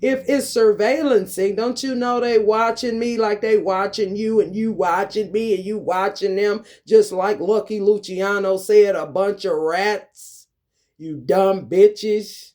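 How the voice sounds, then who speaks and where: A man delivering an angry, confrontational ranting monologue to camera, full of swearing, swinging between loud outbursts and low muttering. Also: fairly even intonation, unhurried. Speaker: vlogger.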